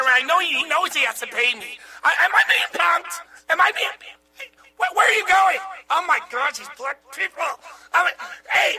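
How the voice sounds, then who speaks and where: A man's voice: very high voice, bright, forceful tone, exaggerated voice. A man playing a greedy, pompous and rude church deacon in a comedy sketch, pushy and indignant as he demands money.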